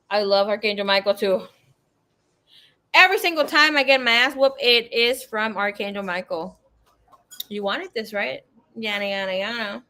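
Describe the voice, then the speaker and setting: A woman's voice: mid-range voice, sharp tone. A woman in her thirties, a psychic tarot reader, chatting casually and telling a story with laughs, swearing and acted-out quotes.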